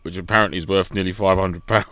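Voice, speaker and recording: A man's voice: deep voice, steady tone, quick pace, pushed and bright. A man co-hosting a podcast, joking and teasing the others in casual banter. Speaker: podcast co-host.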